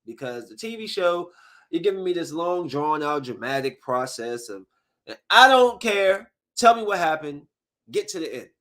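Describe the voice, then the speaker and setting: A male podcast host with a high voice gives a casual chat review, swearing freely. His animated rant flares in sudden, heated bursts before sinking back into a low mutter.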